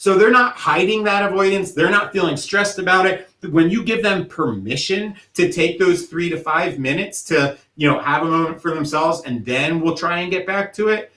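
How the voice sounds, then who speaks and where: A man giving a workshop presentation in an earnest, conversational way, slowing down to stress key points. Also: high-pitched, pushed and bright, echoey room. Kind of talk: recorded presentation talk.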